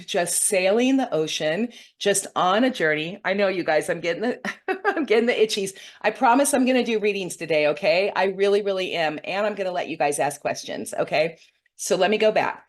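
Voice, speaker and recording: Speaking at normal speed with a mid-range voice and lively intonation, the woman behind a weekly reading show shares a meditation vision. Her telling is meandering, earnest and emotional, dotted with check-ins like "okay?" and "right?".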